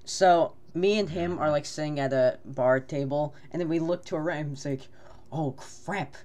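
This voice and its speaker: A man co-hosting a casual podcast, telling a rambling, animated story and laughing often. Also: a little high, normal speed. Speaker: podcast co-host.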